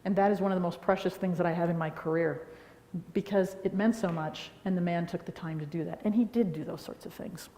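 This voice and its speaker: A middle-aged woman giving a conference talk, telling anecdotes in a lively way and often checking in with "all right?". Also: lowish voice, brisk. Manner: animated storytelling with frequent "all right?". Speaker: conference speaker. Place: large lecture hall. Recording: echoey hall reverb.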